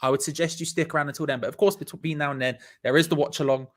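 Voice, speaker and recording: A man's voice: fairly high pitch, fairly even intonation, very fast. A man, hosting a live stream in an upbeat, chatty way and reading out viewers' comments. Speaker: host.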